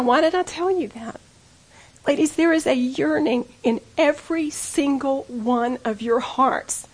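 Lady preacher, high voice, earnest and pleading, talking right to the women. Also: a little mellow. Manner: earnest storytelling, intimate and pleading. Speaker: women's speaker. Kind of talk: personal testimony sermon.

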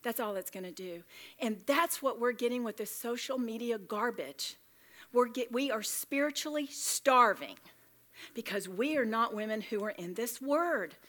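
A woman's voice: fairly high pitch, expressive, moderate pace, a bit bright. A woman giving a Bible study talk to a room of women, chatty and joking yet earnest. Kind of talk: sermon.

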